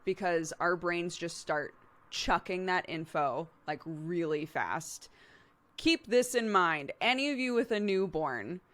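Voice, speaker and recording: A woman's voice: lowish voice, expressive, slow, a bit bright. A woman in her thirties hosting a live stream, chatting casually with viewers and laughing often as she tells stories about her toddler. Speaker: streamer host.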